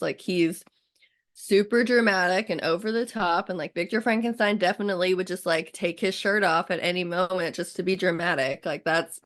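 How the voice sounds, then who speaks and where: A woman from Kentucky, a podcast guest, talking casually and rambling with many "like" fillers. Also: fairly low pitch. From Kentucky, USA. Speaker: guest, author and bookstore owner. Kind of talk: casual chat.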